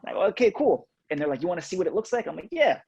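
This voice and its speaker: A man telling a relaxed story in a casual chat, acting out both sides of the conversation. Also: high voice, rapid-fire, vocal fry, slightly rough, highs cut off. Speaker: reptile seller guest.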